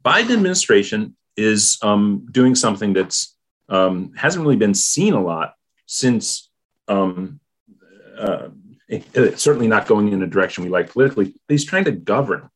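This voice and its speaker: A man giving his take on politics in a casual discussion, measured and thoughtful, with many pauses and fillers. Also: on the low side, big pitch swings. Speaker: political commentator.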